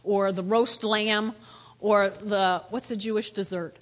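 A woman pastor preaching a lively sermon in church, swinging between loud calls and hushed asides. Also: medium pitch, slow pace. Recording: echoey hall.

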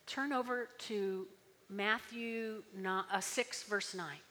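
A woman pastor preaches a chatty sermon, using tag questions to check in with the congregation and leading call-and-response. Her medium-pitched voice is steady, bright, and forceful, she takes her time, and a long hall reverb surrounds the audio.

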